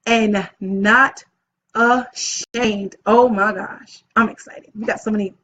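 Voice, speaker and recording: Excitable woman on a muffled live stream. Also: mid-range voice, takes it slowly, slight background noise. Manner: upbeat, excitable, chatty. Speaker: event planner hosting a live video. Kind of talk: casual live-stream talk. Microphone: phone or webcam live stream. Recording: dull lo-fi live-stream audio.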